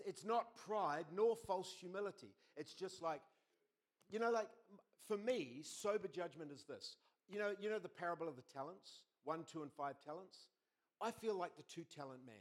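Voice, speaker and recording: A middle-aged man preaching a sermon as pastor, telling stories with lively quoted voices. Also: on the high side. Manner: animated storytelling with quoted voices.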